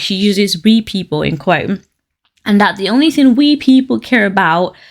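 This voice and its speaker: A woman from Nigeria hosts a podcast, reading stories aloud and firing back with blunt, lively commentary. Her voice sits a little higher than most, and she laughs often as she talks. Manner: outspoken, animated commentary with frequent laughter. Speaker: podcast host. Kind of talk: reading and reacting to online stories.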